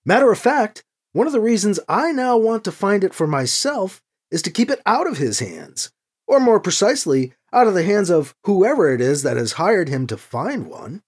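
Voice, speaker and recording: A brash young man in charge who pushes back with sharp sarcasm, as an audiobook reader puts him on. The pitch rises and falls very widely. He sounds defensive in a storybook scene. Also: big pitch swings, slightly rough, exaggerated voice. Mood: explaining. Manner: sarcastic, quick retorts.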